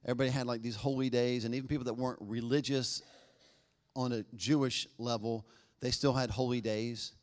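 A middle-aged man preaches in a loose, conversational way, cracking jokes and acting out little quoted exchanges. His voice sits at an ordinary pitch, and he mixes humor into the talk. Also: a little fast. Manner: conversational, joking, animated acted-out quotes. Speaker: pastor. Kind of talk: sermon.

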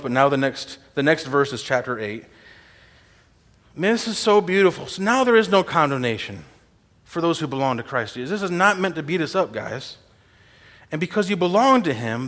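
A man preaching a sermon to a congregation in a church, animated and informal, often laughing. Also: a little high. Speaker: guest preacher. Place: church sanctuary. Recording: long hall reverb.

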